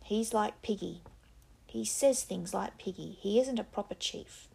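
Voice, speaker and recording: A woman voicing Jack, an aggressive and contemptuous boy who shouts down the others, in a gravelly, breathy voice. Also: mid-range voice, normal speed. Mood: scornful. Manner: shouting, domineering.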